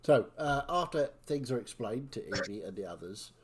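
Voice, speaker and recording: A man's voice: mid-range voice, expressive, moderate pace, background noise. A man narrating as dungeon master in a tabletop game, describing scenes in a loose, rambling way with lots of fillers.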